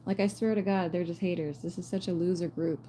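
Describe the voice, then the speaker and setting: Blunt slangy woman with a mellow voice. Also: lowish voice, a little fast, a little hiss or hum. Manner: blunt, swearing, slangy and animated. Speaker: spiritual reader. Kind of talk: casual spiritual message to viewers.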